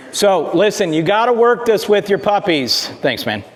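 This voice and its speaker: A man working as a dog trainer, explaining calm greetings in a plainspoken way while he talks to a dog. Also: sits high, moderate pace, big-room sound. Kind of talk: casual instruction to camera.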